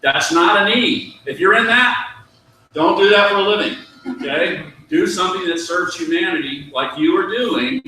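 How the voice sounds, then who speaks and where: A man's voice: high voice, animated, moderate pace, bright, forceful tone, a little hiss or hum. A man in his fifties giving a motivational business talk to a live audience, telling stories and acting out bits of dialogue. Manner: storytelling, acts out dialogue, has audience repeat phrases. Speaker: business speaker. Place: meeting room with an audience. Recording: echoey room, mic at a distance.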